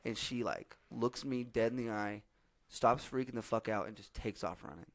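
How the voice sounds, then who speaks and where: A hoarse young man hosting a podcast, telling a long story in casual, profane chat with lots of fillers. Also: medium pitch, moderate pace, no room sound. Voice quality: husky. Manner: profane, rambling, animated storytelling with many fillers. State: hoarse from yelling. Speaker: podcast host.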